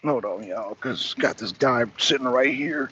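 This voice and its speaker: A trucker phones in from his parked cab, his mid-range voice unhurried, bright and forceful. He chats casually, swearing freely, rambling and cutting himself off. The recording sounds muffled, with slight background noise.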